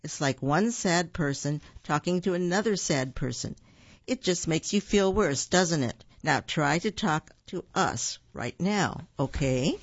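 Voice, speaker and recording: A reader voicing a friendly, chatty male bunny in a storybook, in a high, eager voice, gravelly, on a dull, dry recording. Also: expressive, a little slow, no room sound.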